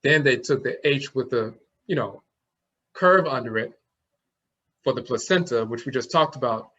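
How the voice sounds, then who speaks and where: A man's voice: medium pitch, lively intonation, sharp tone, husky, lo-fi sound. A man teaching an online class, explaining things step by step and sounding out letters as he goes. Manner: explains slowly, demonstrates sounds aloud.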